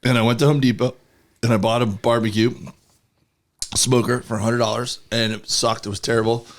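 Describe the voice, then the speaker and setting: A man of middle pitch talks easily at a studio mic, telling a long story. He is earnest and relaxed, with casual podcast phrasing. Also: a little fast. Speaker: podcast co-host.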